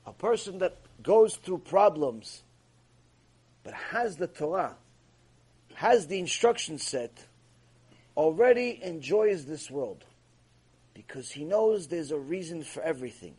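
A man's voice: on the high side, animated, measured pace, pauses often, darkish tone, breathy edge. A man giving a mussar lecture as a Torah teacher. He is emphatic, repeats himself and asks many rhetorical questions.

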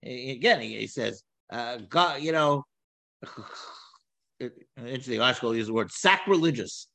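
A man teaching a scripture class, talking in an animated way with many repeats and restarts. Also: mid-range voice, measured pace, vocal fry, rough recording. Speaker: Torah teacher.

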